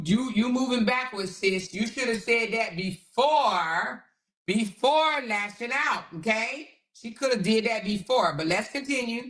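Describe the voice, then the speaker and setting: Sassy woman reacting in an echoey room. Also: mid-range voice. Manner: sassy, amused, animated. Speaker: commentary host. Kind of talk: reaction commentary.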